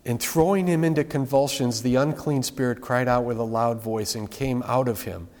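A man's voice: mid-range voice, moderate pace. Male pastor preaching in a reverberant hall. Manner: informal, with animated asides. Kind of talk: conversational sermon. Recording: long reverb from a large hall.

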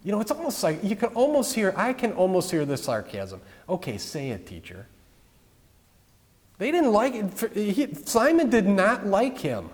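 A man's voice: high-pitched, very animated, normal speed, few pauses. A man preaching a sermon in a conversational way, full of restarts, asides and questions to the congregation. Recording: long reverb of a large hall.

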